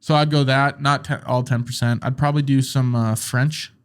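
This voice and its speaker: A man's voice: mid-range voice, fairly even intonation, normal speed. A man hosting a casual podcast, joking and rambling with lots of fillers as he reads comments and riffs with friends. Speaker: podcast host.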